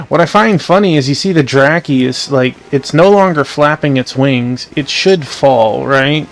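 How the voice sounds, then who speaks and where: A young man casually commenting on a game playthrough in relaxed, muttered asides. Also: medium pitch, measured pace, hardly any pauses. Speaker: game streamer.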